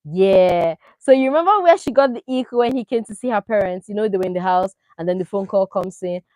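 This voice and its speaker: A woman doing casual, opinionated commentary on a reality show, animated and full of rhetorical questions. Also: medium pitch, fairly quick, no echo, rough recording. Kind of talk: casual chat.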